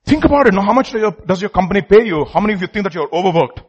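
A man's voice: high voice, animated, very fast, few pauses, slightly rough, dull audio. A man preaching a sermon who stresses his points by repeating phrases and putting questions to the congregation.

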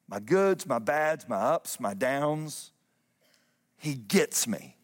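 A male pastor delivering a sermon in a church, driving points home with repeated refrains and shifting his pace between rushed and drawn-out. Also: fairly high pitch, animated, a bit bright, in a large hall. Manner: emphatic preaching with repeated refrains, speeding up and slowing down. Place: church sanctuary.

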